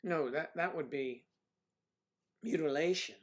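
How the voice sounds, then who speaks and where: A man hosting a casual livestream from home, greeting viewers and musing over their names with slow hums. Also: a little high. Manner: musing, drawn-out hums between comments. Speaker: livestream host reading chat. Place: at home with TV in background.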